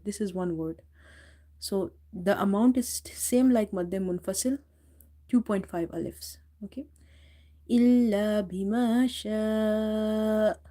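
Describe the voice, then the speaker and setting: Warm patient woman teaching recitation. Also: mid-range voice. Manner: patient, explanatory, slow drawn-out recitation of each word. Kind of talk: live tajweed lesson, recitation with explanation.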